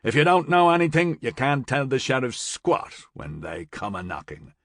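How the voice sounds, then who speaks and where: A man voicing a tough, gruff smuggler driver who talks blunt, curt and drawling. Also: mid-range voice, sing-song, normal speed, a bit bright, no room sound, clean studio sound. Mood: menacing.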